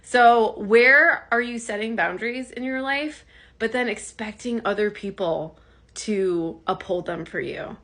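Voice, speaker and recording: A woman's voice: a little high, unhurried, fairly bright tone. A woman talking straight to her audience in a casual advice vlog, emphatic and conversational, acting out bits of dialogue as she tells a story. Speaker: social media creator. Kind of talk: direct-to-camera advice vlog.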